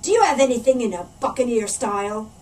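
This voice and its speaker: A woman voicing a loud, gruff, hairy male pirate captain who bellows and blusters, for a read-aloud storybook. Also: on the high side, lively intonation, fast talker, lightly acted. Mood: blustering. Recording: distant mic, faint room noise.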